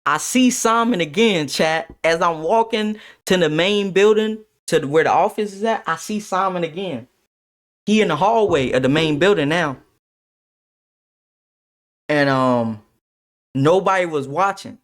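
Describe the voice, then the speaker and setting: A young man streaming, telling a wild high school story to his chat, laughing and swearing as he goes. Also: a little slow, fairly bright tone. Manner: swearing, laughing, big dramatic voice swings. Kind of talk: animated storytelling to a live chat.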